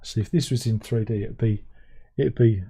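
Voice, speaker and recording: A man's voice: on the low side, normal speed, mellow, breathy edge. A middle-aged man hosting a casual livestream, who reads out viewer comments and hums to himself between them. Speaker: livestream host.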